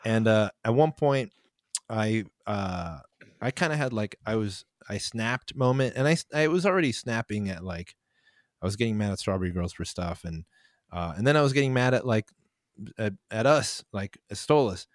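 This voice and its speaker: A man's voice: lowish voice, expressive, normal speed, dry recording. Dry-sounding young man telling a rambling story. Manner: rambling, lots of fillers, laughs while telling stories. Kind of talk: casual storytelling chat.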